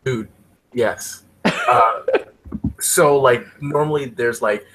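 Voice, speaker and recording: A man's voice: mid-range voice, extremely slow, a bit bright, a little hiss or hum, rough recording. A man chatting casually on a podcast, laid-back and rambling, full of fillers. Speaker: podcast co-host. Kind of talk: casual chat.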